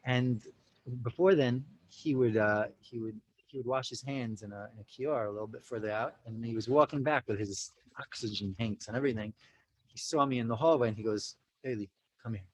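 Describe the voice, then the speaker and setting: Poor audio captures a mid-range American man talking a little fast as a podcast guest. He relates a story in a relaxed, animated way, dramatizing quotes, filling gaps with "like" and "you know," and weaving in Yiddish and Hebrew religious expressions.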